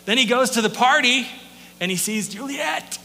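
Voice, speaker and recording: A male pastor preaches with a high, bright, forceful voice, tossing out rhetorical questions and quick asides. The sound rings with long reverb through a large hall, and a faint hum sits underneath. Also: expressive, vocal fry. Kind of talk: sermon.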